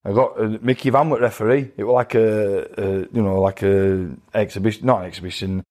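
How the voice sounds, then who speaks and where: A middle-aged man, a former boxer telling rambling stories in a relaxed interview and often laughing along. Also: fairly low pitch, a little fast. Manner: rambling anecdotes with laughing asides. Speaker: boxing guest. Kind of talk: casual storytelling chat.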